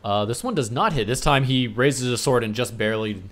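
A man's voice: medium pitch, brisk, a bit bright, slight background noise. A man running a tabletop game as game master, narrating scenes with spoken sound effects over an online voice chat mic.

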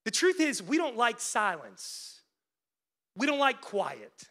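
A male pastor preaching a sermon, swinging between loud, urgent peaks and hushed lows, with casual "like" asides and calls to the congregation. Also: huge pitch swings, slow pace. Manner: conversational asides with frequent "like" fillers.

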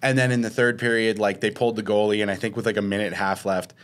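A man's voice: on the low side, little pitch movement, racing. A man, co-hosting a podcast and telling a story in casual chat, acting out quotes with a raised voice. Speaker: podcast co-host.

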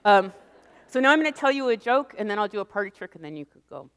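A woman giving a public lecture on a stage, a lively, chatty storyteller who jokes with her audience. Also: medium pitch, quick pace, smooth. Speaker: guest lecturer. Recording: long reverb of a large hall.

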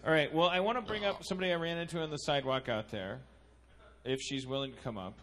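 A man's voice: fairly high pitch, fast talker, fairly bright tone. A man hosting a live podcast, joking loosely while steering the show along. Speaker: host. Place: live stage before an audience.

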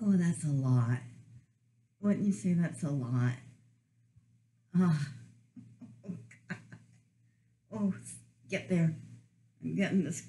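A woman's voice: sits low, expressive, takes it slowly, long pauses, dark tone. A woman chatting casually and giggling as she eats through a food challenge on her vlog. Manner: giggly, chatty while eating. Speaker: vlogger.

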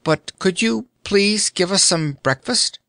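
A polite, curious young girl, as a man voices her in a raised, lilting tone. The reading is unhurried and dry, in storybook fashion. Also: high-pitched, gravelly, pushed and bright, no room sound, pitched above the performer's own voice, exaggerated voice. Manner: polite, eager. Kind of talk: audiobook character voice.

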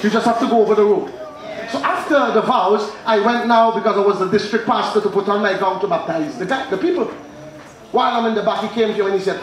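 A high-pitched man preaches to a responding congregation, swinging from storytelling to fervent shouts. His voice booms through a very echoey hall, with a crowd audible behind him. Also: fast talker. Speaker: pastor. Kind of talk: evangelistic sermon with call and response. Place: church or tent with congregation.

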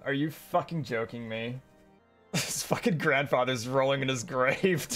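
A man giving casual, profane commentary while playing a game, excitable and laughing often. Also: medium pitch, unhurried, faint music behind. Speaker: streamer reacting to a game.

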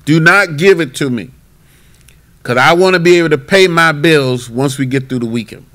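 A preacher doing a desperate, demanding friend. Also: male voice, fairly high pitch, normal speed, fairly bright tone, close to an everyday voice. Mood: pleading. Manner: pleading, then cussing. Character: desperate, pleading-then-angry male friend.

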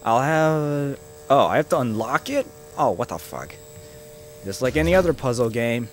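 A man casually commenting on his gameplay, joking and swearing and reacting loudly to scares. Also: medium pitch, expressive, moderate pace, a little hiss or hum. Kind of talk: casual let's-play commentary.

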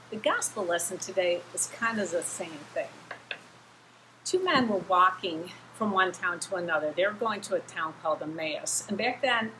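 Bright-voiced woman telling kids a story. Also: fairly low pitch, slight background noise, rough recording. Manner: animated, acts out quoted voices, talks straight to kids. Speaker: children's message leader. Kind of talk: children's sermon storytelling.

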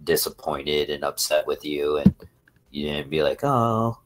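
A man with a remarkably deep, low voice hosts a casual livestream, chatting straight to his viewers. He rambles and swears freely, circling back on his thoughts as he goes. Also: completely flat delivery, normal speed. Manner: rambling, profane, talks to chat. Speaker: livestream host.

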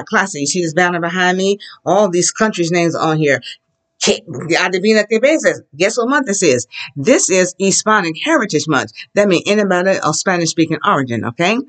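A Spanish teacher leading a classroom lesson, enthusiastic and slowing down to model words for the class to repeat. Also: mid-range voice, fairly bright tone. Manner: slows down to model pronunciation.

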